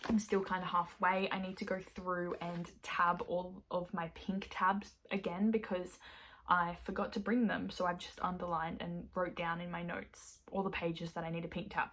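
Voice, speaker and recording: Breathy, gushing young woman book vlogger. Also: fairly low pitch. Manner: chatty and gushing, drifting into soft whispers. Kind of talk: casual reading vlog chat.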